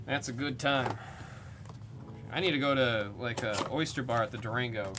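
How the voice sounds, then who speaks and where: A man with an average-pitched voice hosts a live card break stream, chatting loosely and calling out the names of cards as he opens packs. He drifts between side stories and card reads in a relaxed, rambling way. Music plays clearly under his voice throughout. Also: moderate pace. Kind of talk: casual live-stream commentary. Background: background music.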